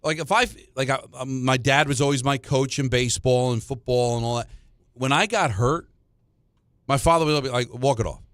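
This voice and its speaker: A man's voice: mid-range voice, moderate pace, clear, resonant tone, no echo, clean studio sound. A man co-hosting sports talk radio, telling stories with lots of restarts and repeated words. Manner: animated storyteller, repeats words when starting.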